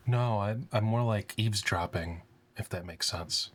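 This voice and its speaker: A man voicing a frightened, self-doubting young woman who speaks in halting, anxious phrases in a tabletop game. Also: on the low side, close to an everyday voice. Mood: uneasy.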